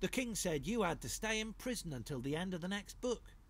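A man's voice: high-pitched, sing-song, brisk, pitched above the performer's own voice, heavily acted. A man voicing a timid, rule-minded village man who speaks anxiously and hesitantly, in a storybook read-aloud. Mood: worried.

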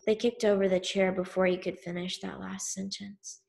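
A woman telling a story in the first person, slow and grave with weighty pauses. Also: medium pitch, little pitch movement, creaky, a little mellow. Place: synagogue event.

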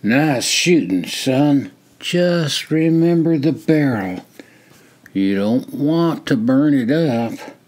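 A man voicing a gruff male army sergeant who shouts commands at a recruit on a firing range. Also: mid-range voice, animated, slow pace, pitched above the performer's own voice. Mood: gruff approval.

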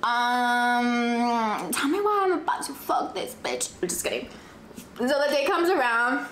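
A young woman, telling a dramatic storytime in casual chat, profane and animated, dropping in Spanish phrases. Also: on the high side, a little slow, slight background noise. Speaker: vlogger. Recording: echoey room, faint ambience.

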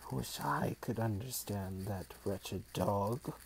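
A man reading aloud and voicing an impatient, croaking, wheezy ancient old man with a drawn-out delivery. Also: lowish voice, slight background noise.

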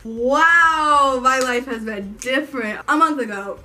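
A woman's voice: sits high, slow pace, sharp tone, faint music behind. A young woman telling a personal story on her vlog, frank and emphatic, swearing freely. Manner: frank and profane, lots of swearing; fired up and emphatic. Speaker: vlogger.

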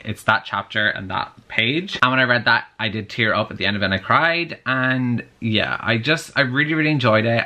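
Chatty man with a bright, lowish voice. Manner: chatty, many "like" fillers, goes off on tangents. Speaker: book vlogger. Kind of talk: casual reading vlog.

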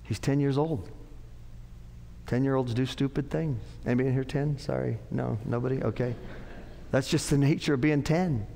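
A man's voice: medium pitch, normal speed, creaky, dark tone, slight background noise. A man pastor giving an earnest, conversational sermon in a church, repeating his phrases for emphasis. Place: church sanctuary. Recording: long church-hall reverb.

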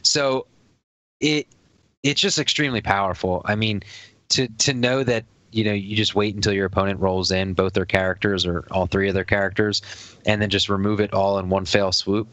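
Low-voiced man with a Jersey accent. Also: steady tone, normal speed, fairly bright tone, no room sound. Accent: New Jersey. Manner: loose, rambling, heavy on filler words. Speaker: podcast co-host. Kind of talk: casual chat.

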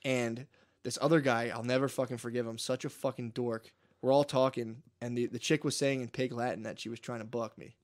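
A man's voice: mid-range voice, little pitch movement, a little fast. A man co-hosting a podcast, telling a long story in casual chat, swearing often and laughing as he goes. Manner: profane, laughing, rambling. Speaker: podcast co-host.

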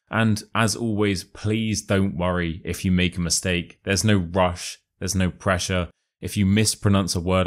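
A young man with a modern RP British accent, teaching pronunciation in slow, carefully enunciated, friendly speech. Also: low voice.

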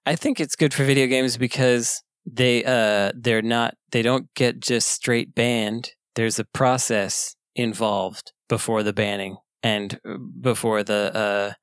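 A man co-hosting a podcast, thinking aloud haltingly with many restarts. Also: medium pitch, steady tone, smooth, no room sound, studio quality. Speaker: podcast co-host. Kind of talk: casual chat.

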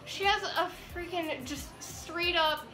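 A high-voiced teenage girl rambles giddily through a vlog story, packing her sentences with "like". Her tone is bright and sharp. The room rings with echo, and faint music plays behind her. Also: takes it slowly. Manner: giddy, rambling with many "like"s. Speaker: vlogger. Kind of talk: excited storytime chat.

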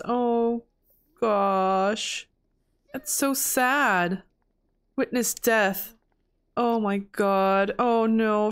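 A young woman giving casual, chatty commentary over gameplay and reacting loudly in disbelief at surprises. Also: fairly high pitch, clean tone. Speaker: gameplay video host.

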